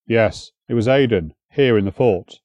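A man voicing a gruff, loyal warrior companion in a storybook reading. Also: medium pitch, measured pace, darkish tone, no echo, dull audio, close to an everyday voice. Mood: urgent.

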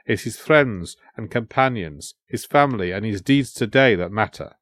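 A man voicing a calm, reflective companion in an audiobook, speaking earnestly and evenly. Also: on the low side, moderate pace, no room sound, clean studio sound. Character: thoughtful male Welsh companion, calm and earnest.

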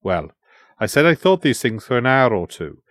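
Aidan, a calm earnest companion, read by a man. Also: mid-range voice, normal speed, no echo, studio quality. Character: thoughtful male Welsh companion, calm and earnest.

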